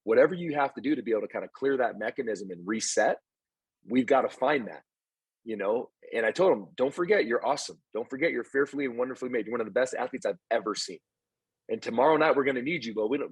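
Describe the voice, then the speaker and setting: Husky-voiced animated man telling coaching stories. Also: mid-range voice, no room sound. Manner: animated storyteller, acts out quoted lines. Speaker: baseball coach and podcast host. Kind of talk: casual podcast chat.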